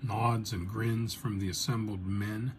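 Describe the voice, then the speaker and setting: A man telling a first-person story in a deliberate, dryly humorous way. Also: lowish voice, fairly even intonation, slight background noise.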